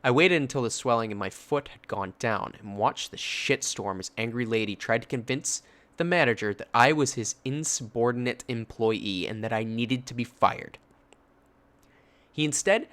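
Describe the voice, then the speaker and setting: Man, storyteller, casual, swears, chatty asides, mid-pitched voice. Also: fairly bright tone. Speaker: story narrator. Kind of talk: reading a story.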